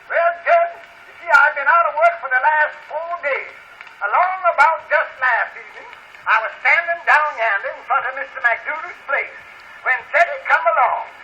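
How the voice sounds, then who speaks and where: A man's voice: extremely high pitch, normal speed, roomy sound. A man playing a cocky defendant who tells a comic tale to a judge in a vaudeville sketch. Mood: boasting. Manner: lively comic storytelling with acted quotes. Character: cocky, boastful man telling his tale in court. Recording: dull lo-fi cylinder with faint hiss.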